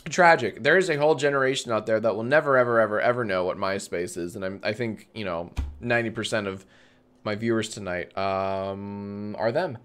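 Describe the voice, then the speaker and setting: A man's voice: on the low side, a little fast, a bit bright, soft background music. Laughing, swearing male streamer. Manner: swears freely, breaks into laughter, rambling restarts. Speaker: livestream host. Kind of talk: casual live-stream chat, reading chat aloud.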